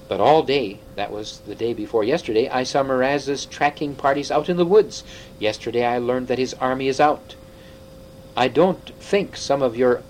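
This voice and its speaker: A man reading an audiobook, voicing an excitable old half-dwarf scholar who lectures briskly. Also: mid-range voice, a little hiss or hum, lightly acted, low-quality recording.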